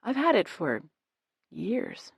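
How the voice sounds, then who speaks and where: A woman's voice: mid-range voice, huge pitch swings, takes it slowly, creaky, breathy edge, dry recording, studio quality, full character voice. Woman doing a smug teasing young man.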